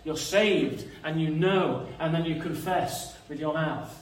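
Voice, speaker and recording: A man's voice: on the high side, slow, slight background noise. A man preaching a sermon in an earnest, reasoning way, often repeating words as he thinks. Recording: echoey room, mic some distance away.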